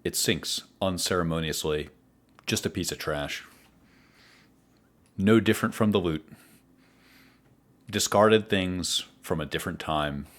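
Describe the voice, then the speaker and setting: A man narrating a tabletop game as game master, in a measured, descriptive way. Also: low-pitched, fairly bright tone.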